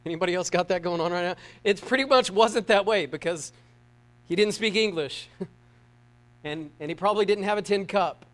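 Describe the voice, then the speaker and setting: A middle-aged man with a high voice preaches a sermon. He keeps it conversational and joking, often asking the congregation questions. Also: fairly quick, fairly bright tone. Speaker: pastor.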